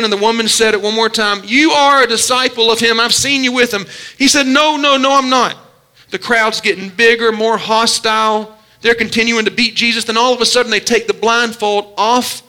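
A male preacher, delivering a sermon as dramatic storytelling that swings from hushed lows to shouted pleas.

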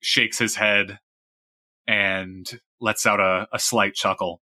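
A man narrating a tabletop role-playing game as game master, in a relaxed, halting way. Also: on the low side, dry recording.

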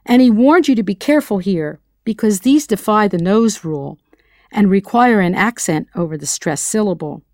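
A woman's voice: mid-range voice, animated, moderate pace, darkish tone, no echo, clean studio sound. A woman narrating a scripted audio language lesson, quizzing the listener with playful questions. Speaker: language teacher.

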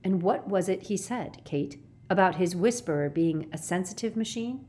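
Woman voicing calm boy leader Reynie. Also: on the low side, normal speed, natural voice. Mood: reassuring.

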